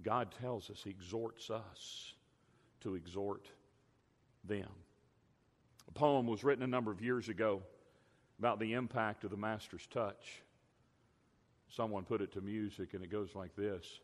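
A man preaching a sermon, earnest and slow, praying and exhorting his listeners. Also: fairly low pitch, fairly even intonation. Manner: slow, earnest, rising to loud auctioneer calls. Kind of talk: sermon with sung poem. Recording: long hall reverb.

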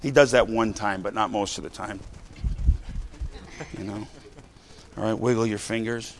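A man preaching a sermon, talking to the congregation in a casual way, with many "right?" and "you know" asides and shouts for emphasis. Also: on the low side, steady tone, normal speed, a little hiss or hum. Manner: conversational, rising to shouts of emphasis.

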